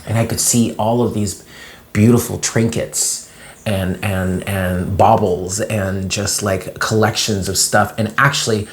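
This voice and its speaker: Low-voiced, chatty tarot reader. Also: steady tone, measured pace, a little hiss or hum. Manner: rambling and chatty, many fillers; gets emotional when telling a dream. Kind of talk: casual daily reading vlog.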